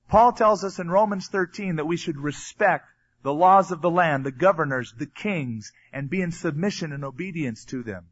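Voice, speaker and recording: Male preacher, fairly high voice, relaxed chatty sermon, muffled lo-fi tape. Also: husky. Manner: conversational, reads scripture then retells it in everyday words.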